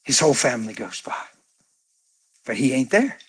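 A man telling lively stories as an interview guest, excitable and laughing often as he acts out the voices of the people in his tales. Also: mid-range voice, normal speed, husky. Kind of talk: animated storytelling.

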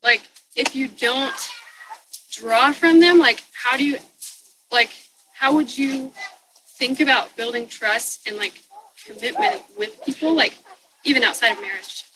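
A woman asks a question in a hesitant way, padding it with "like." Her voice is high and bright. Faint noise is heard behind her. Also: animated, a little slow, long pauses, poor audio. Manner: hesitant, filled with like.

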